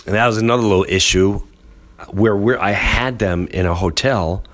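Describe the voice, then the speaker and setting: A man hosting a podcast, telling a comic story with animated delivery and acting out other people's voices. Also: lowish voice, moderate pace. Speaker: podcast host.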